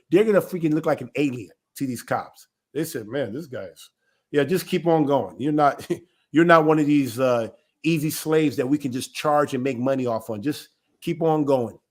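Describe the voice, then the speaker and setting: A man with a notably high speaking voice talks straight to his viewers in a loose, informal teaching style. He is an elder of a small ministry and speaks emphatically. He keeps asking a question and then answering it himself. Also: normal speed.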